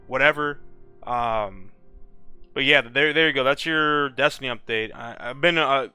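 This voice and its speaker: A man's voice: mid-range voice, measured pace, bright, forceful tone, smooth, dry recording, soft background music. Profane, heated young man ranting. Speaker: gaming video creator. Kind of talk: casual ranting vlog.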